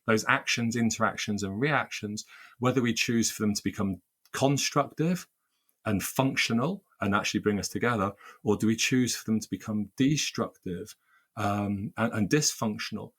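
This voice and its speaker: This man, who works as a workplace mediator, answers interview questions in earnest, with frequent restarts that repeat words and lists of phrases built one after another. His pitch is fairly low, his tone fairly bright, his speed normal.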